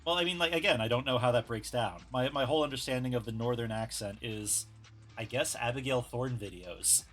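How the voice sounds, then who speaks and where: Speaking a little fast into a desktop USB microphone, this streamer from New York keeps things relaxed and full of swearing as he draws live. His voice sits in the middle range and sounds fairly bright.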